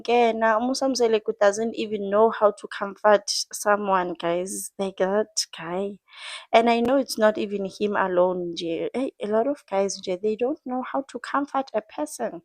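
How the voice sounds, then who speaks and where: A woman's voice: a little high, a little slow, darkish tone, no room sound. A South African woman hosting a casual gossip recap, chatting to her viewers and mixing local words into her talk. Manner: chatty, mixes in isiZulu words, calls the viewer 'Sana'. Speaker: entertainment gossip host. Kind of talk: casual reality-show recap.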